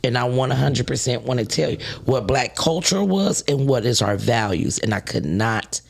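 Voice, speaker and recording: A man's voice: medium pitch, expressive, moderate pace, gravelly, husky. A man on a talk show earnestly recounting a personal moment in casual chat.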